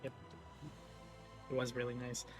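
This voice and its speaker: A man narrating as game master of a tabletop game, describing scenes in a loose, halting way with many fillers. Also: mid-range voice, monotone, soft background music.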